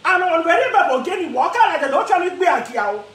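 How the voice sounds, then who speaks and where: A Nigerian woman vlogger ranting to camera in a casual, animated way, laughing often and mixing pidgin with her local language. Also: extremely high pitch, a little fast, echoey room. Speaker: social media vlogger.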